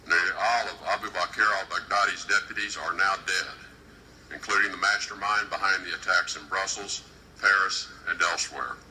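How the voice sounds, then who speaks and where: Official at a podium: man, low and very forceful, formal and measured, emphatic. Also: a little hiss or hum, rough recording. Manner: measured, deliberate, emphatic delivery. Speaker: government official addressing a conference. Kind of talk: formal prepared speech.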